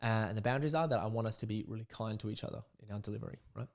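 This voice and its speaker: A man's voice: fairly low pitch, racing. A young adult man hosting a podcast, coaching men in a casual monologue, blunt and profane, joking and acting out sample dialogue. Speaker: podcast host, men's coach.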